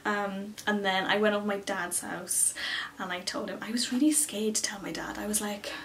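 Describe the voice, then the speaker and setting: This vlogger is a young woman with a creaky, medium-pitched voice, fairly even intonation, and a normal speaking speed. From her small, cluttered home room she talks casually to the camera, full of fillers, relaying what people said. Faint room noise comes through, and she sounds a bit distant.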